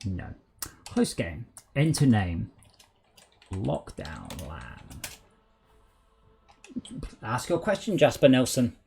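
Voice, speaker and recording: Chatty man with a lively voice. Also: medium pitch, takes it slowly, gravelly, long pauses, slight background noise. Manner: chatty, rambling, troubleshooting aloud with many fillers. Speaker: streamer hosting a LAN game session. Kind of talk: casual chat while gaming.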